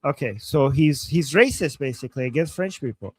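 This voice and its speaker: A man's voice: medium pitch, animated, fairly quick, a little mellow, breathy edge, no room sound. A man from Iran co-hosting a live stream, reading viewer messages aloud in a chatty, easygoing way and laughing easily. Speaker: livestream co-host. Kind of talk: casual live-stream chat.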